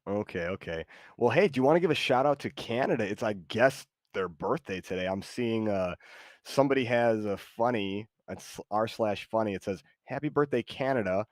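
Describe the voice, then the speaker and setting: A man's voice: on the low side, lively intonation, normal speed, dry recording, studio quality. An American man hosting a casual live stream, rambling and hesitant as he reads chat aloud. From United States. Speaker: streamer host.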